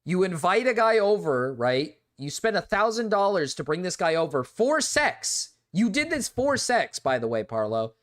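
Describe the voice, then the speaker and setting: The young male livestream host has a high, sing-song voice with a fairly bright tone, moving at normal speed with hardly any pauses. His casual talk is rambling and exasperated, full of "like" and repeated words.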